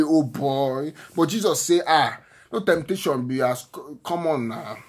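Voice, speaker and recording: A man from Nigeria with a Nigerian accent speaks unhurriedly in a slightly high, breathy-edged voice. As a vlogger offering encouragement, he gives a spontaneous, earnest talk on faith and prayer, repeating himself and often closing lines with "eh?".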